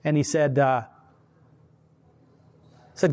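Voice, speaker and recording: Animated man telling faith stories. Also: a little high, brisk. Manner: emphatic, rambling, animated storyteller. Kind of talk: casual chat, storytelling.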